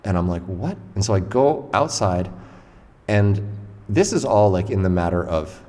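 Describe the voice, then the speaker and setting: A man with a very low voice hosts a casual podcast and tells stories with animated energy, dropping a swear now and then. His voice carries a long reverb tail, as if recorded in a live room. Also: normal speed. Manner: animated storyteller, swears freely. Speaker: podcast host and interviewer.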